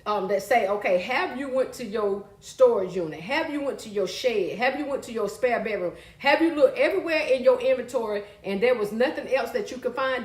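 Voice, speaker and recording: A woman hosting a casual live stream, chatty and loud, calling out to viewers and reading their comments. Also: on the high side, echoey room.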